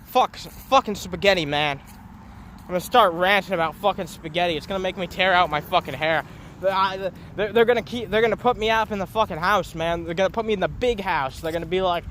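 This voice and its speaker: Young guy going off on a stream, high voice, swears constantly, faint traffic noise behind. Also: a little fast, fairly bright tone. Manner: profane, rambling, self-mocking. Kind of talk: solo livestream rant. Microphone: phone.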